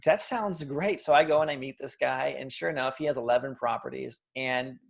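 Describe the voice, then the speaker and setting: A man in his thirties, an interview guest, telling his own story in a lively, animated way and acting out the quotes. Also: mid-range voice, a little fast, creaky. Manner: animated storyteller, acts out quotes, frequent restarts.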